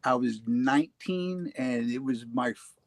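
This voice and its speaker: A man in his forties casually telling his own ghost encounters, halting and restarting often, laughing easily. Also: mid-range voice, no echo. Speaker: paranormal show guest telling his experiences. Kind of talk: casual storytelling.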